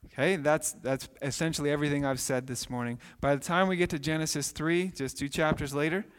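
A man in his thirties, a pastor preaching a sermon with animated storytelling, acting out voices. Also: a little high, brisk, smooth. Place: church sanctuary. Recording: long hall reverb.

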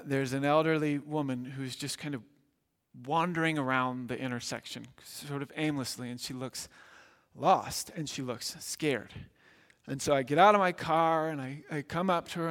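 A man's voice: fairly high pitch, a bit bright. A man from Milwaukee preaching a sermon, telling stories in an earnest, conversational way and often repeating words. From Milwaukee, United States. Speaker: pastor. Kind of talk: storytelling sermon. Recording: long hall reverb.

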